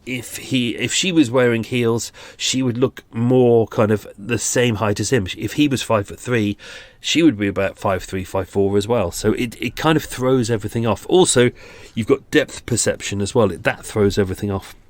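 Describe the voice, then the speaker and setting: A man's voice: medium pitch, moderate pace, no echo. A man in his forties with a British accent, hosting a true-crime podcast in a chatty, self-deprecating way. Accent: British English. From England. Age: 40s. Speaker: podcast host.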